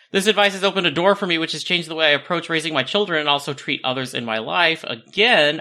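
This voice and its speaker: A man's voice: on the high side, pushed and bright. A man co-hosting a podcast in casual chat, reading listener emails aloud and laughing often. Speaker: podcast co-host.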